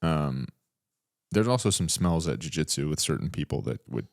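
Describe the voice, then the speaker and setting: A young man with a very low, deep voice, chatting casually as a podcast co-host. He rambles along in a relaxed way, full of fillers. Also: moderate pace, vocal fry. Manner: laid-back, rambling with fillers. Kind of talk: casual chat.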